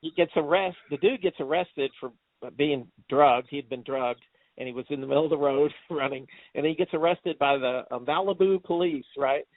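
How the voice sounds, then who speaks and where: A man co-hosting a movie review chat, laughing often as he retells scenes with excitement. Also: a little high, normal speed, dry recording. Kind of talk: casual chat. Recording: tinny phone-like dry sound.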